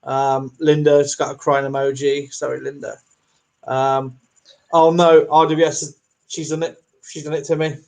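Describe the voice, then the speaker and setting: A man with a slightly high voice, chatting easily on a live show. He reads viewers' comments aloud and jokes at his own expense, keeping a self-deprecating tone. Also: level tone, normal speed, vocal fry, darkish tone. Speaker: co-host. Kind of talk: casual chat with live viewers.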